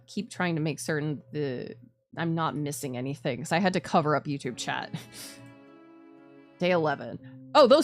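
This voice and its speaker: A woman streamer chatting casually while playing a game, restarting her sentences and laughing often. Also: mid-range voice. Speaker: VTuber streamer. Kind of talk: casual gaming commentary.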